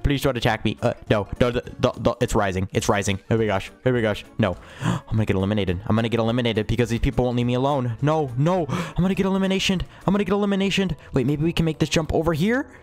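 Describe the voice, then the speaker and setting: A man giving excitable let's-play commentary over a video game, gasping and repeating his phrases as he talks to viewers. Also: medium pitch, fast. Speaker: gaming channel host.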